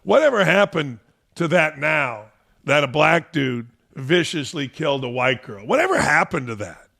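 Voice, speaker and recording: A man's voice: on the high side, very animated, normal speed, gravelly, pushed and bright. A man hosting a sports-talk podcast, ranting in a blunt, profane, combative way. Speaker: podcast host.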